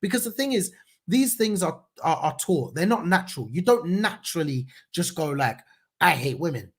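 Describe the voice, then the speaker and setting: A man's voice: high-pitched, animated, normal speed. Passionate man hosting news commentary. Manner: passionate, conversational, many fillers and restarts. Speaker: news show host.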